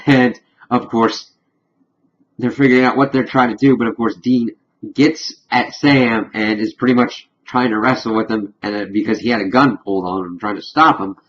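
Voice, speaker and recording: A man talks through a TV episode in a loose, chatty recap at a mid pitch. He keeps slipping into brief acted-out asides. The recording sounds dull and lo-fi. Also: steady tone, a bit bright, slight background noise. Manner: chatty, retells scenes with quick acted-out asides. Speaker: TV episode reviewer. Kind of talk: casual recap vlog.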